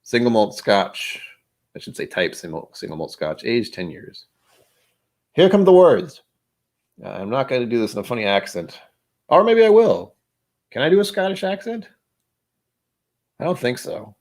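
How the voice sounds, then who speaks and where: A man's voice: mid-range voice, big pitch swings, moderate pace, pauses often, a little mellow. A man hosting a casual livestream who rambles in a self-deprecating way and often restarts his sentences. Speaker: host of a whisky livestream.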